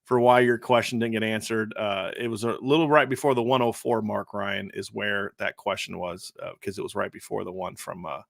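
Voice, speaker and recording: A man hosting a casual sports podcast, talking quickly and acting out quotes with laughs. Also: fairly low pitch, gravelly, dry recording, studio quality. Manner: animated, laughs and acts out quotes. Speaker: podcast host.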